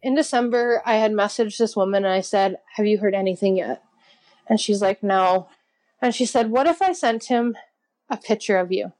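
A woman's voice: medium pitch, steady tone, moderate pace, darkish tone. A woman in her twenties, an interview guest telling a personal story in a chatty way, laughing often and saying "like" a lot.

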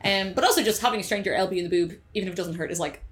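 Woman, podcast co-host, blunt chatty delivery at a fast pace. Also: lowish voice. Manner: blunt and chatty, quick reactions. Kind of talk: casual chat.

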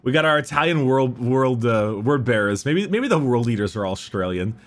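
A man in casual podcast chat about game lore, animated and profane, sometimes reading quotes with dramatic delivery. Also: mid-range voice, normal speed. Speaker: podcast co-host.

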